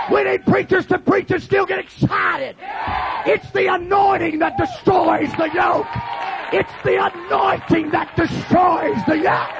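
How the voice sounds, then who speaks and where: A man preaching a fiery Pentecostal revival sermon, shouting and calling the congregation to respond. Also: very high-pitched, creaky, background noise.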